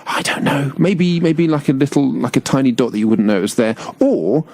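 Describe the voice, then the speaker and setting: A man's voice: mid-range voice, normal speed, a little mellow, no room sound. A man, a guest on a local radio show, rambling playfully off on tangents in casual chat. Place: radio studio. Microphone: studio microphone.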